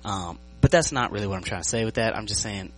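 A man's voice: on the low side, fast talker, faint music behind, poor audio. A man preaching a sermon as pastor, joking and often checking that his listeners are following him. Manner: lively, joking, checks in with the audience.

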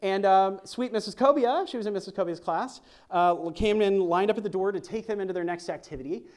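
A man's voice: high-pitched, a little fast, darkish tone. A man preaching a sermon at a church service, conversational and joking as he reads scripture aloud.

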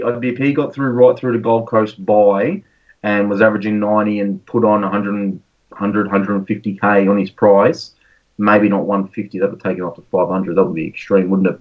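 A man co-hosting a podcast in casual chat, relaxed with lots of ums and restarts. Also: on the low side, brisk. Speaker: podcast co-host. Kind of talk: casual fantasy sports chat. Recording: distant, dull-sounding mic.

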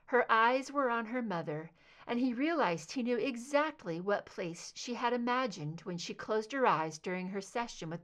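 A woman narrating a fan fiction audiobook in a steady, even storytelling manner. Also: a little high. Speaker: audiobook reader.

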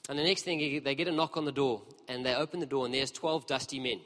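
A preacher telling a story in a sermon, lively and conversational as he speaks to the congregation in a church hall. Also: mid-range voice, fast. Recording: long reverb of a large hall.

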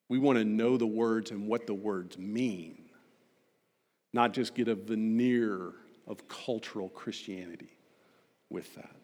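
Earnest pastor in an echoing hall. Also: male voice, lowish voice. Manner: earnest, emphatic, with slowed stresses. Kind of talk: sermon. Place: church hall. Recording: long hall reverb.

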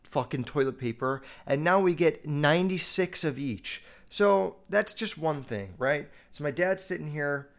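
A young American man hosting a casual solo podcast, telling stories in a loose, profane, animated way. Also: creaky. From United States. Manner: profane, animated storytelling with quick jumps in pitch and loudness. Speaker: podcast host.

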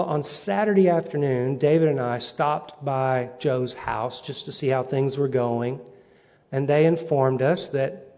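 A man preaching, telling a humorous personal story with lively comic timing. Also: a little high. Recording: dull recording in a reverberant hall.

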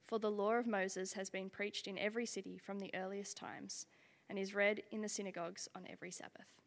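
A woman reading a scripture passage aloud in a measured, steady way during a church service. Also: medium pitch. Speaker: scripture reader. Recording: long reverb of a large hall.

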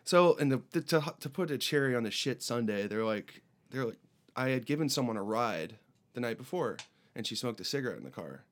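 An American musician guest tells a long, animated story in casual conversation, speaking briskly at a middle pitch. When he imitates border guards and other people, he raises his voice higher.

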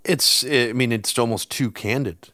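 A man co-hosting a casual political talk show, rambling and swearing, his voice jumping up in pitch when he gets worked up. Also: unhurried, pushed and bright, no echo, clean studio sound. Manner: rambling, swears, many fillers and restarts, pitch jumps up when agitated. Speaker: podcast co-host.

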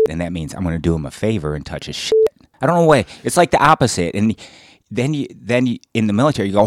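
A middle-aged man, chatting casually as a podcast co-host and telling blunt, profane stories with loud acted-out quotes. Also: very deep voice, animated, fast, few pauses, no echo, clean studio sound. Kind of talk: casual chat.

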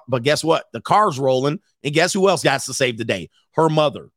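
A man's voice: fairly high pitch, expressive, normal speed, hardly any pauses, fairly bright tone, dry recording, studio quality. A man hosting a casual reaction stream, telling a story bluntly and with animation while he acts out quotes. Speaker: host.

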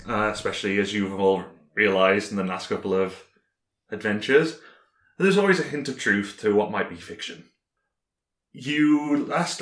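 A man narrating as game master in a halting way, with many pauses and ums. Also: on the low side, roomy sound.

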